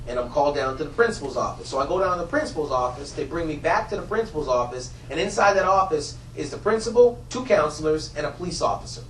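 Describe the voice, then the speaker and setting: A man's voice: a little high, a bit bright, slight background noise. A man speaking earnestly in a one-man stage show, telling a personal story to an audience. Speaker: motivational speaker and actor. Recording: roomy hall, from far off.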